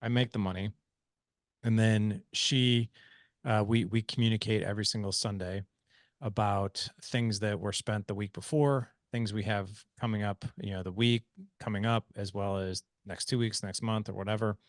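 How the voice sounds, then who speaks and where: A man in his forties hosting a podcast interview, telling stories in an emphatic, animated way. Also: fairly low pitch, moderate pace, no echo, studio quality. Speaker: podcast host. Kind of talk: conversational interview.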